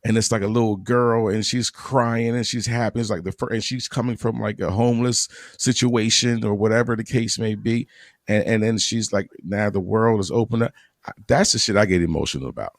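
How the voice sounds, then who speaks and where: Gravelly low-voiced man, halting. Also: fairly even intonation, no room sound, clean studio sound. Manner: halting, repeats words, laughs easily. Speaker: panel guest. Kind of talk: casual panel discussion.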